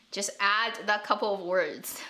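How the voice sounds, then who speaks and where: A woman's voice: medium pitch, sharp tone. A woman chats casually on a live stream in a mid-range voice. She laughs often and repeats words while she gathers her thoughts. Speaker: streamer and show host.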